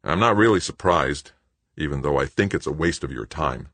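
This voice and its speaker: A man's voice: very deep voice, animated, gravelly, a bit bright, dry recording, full character voice. A man voicing a tired male executive who speaks wearily and evenly. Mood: weary. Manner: weary, measured.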